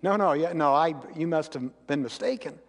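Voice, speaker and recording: A man's voice: a little high, lively intonation, normal speed, voice pushed down. A man voicing the apostle Peter as a frightened man denying his teacher, with pleading, flustered protests. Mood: flustered denial. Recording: long reverb of a large hall.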